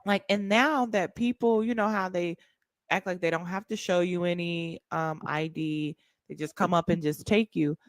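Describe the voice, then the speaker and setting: A woman hosting a casual chat, animated and emphatic, swearing freely. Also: on the low side, moderate pace, no room sound, clean studio sound. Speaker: host.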